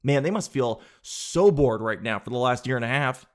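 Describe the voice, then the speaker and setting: A man's voice: mid-range voice, animated, moderate pace. A man doing a casual comic monologue in a rambling, joking, self-mocking way.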